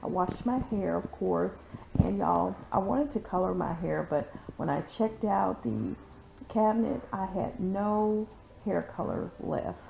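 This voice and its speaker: A woman's voice: fairly low pitch, measured pace, vocal fry, dark tone, slight background noise. A woman vlogging her routine in a sassy, chatty way, calling viewers honey and y'all. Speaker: beauty vlogger. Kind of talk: casual chatty vlog.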